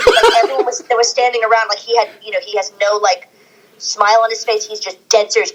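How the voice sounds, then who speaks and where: A woman guest on a podcast, telling animated stories in casual chat and acting out the quotes. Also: medium pitch, quick pace, lo-fi sound, slight background noise. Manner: animated storyteller, acts out quotes.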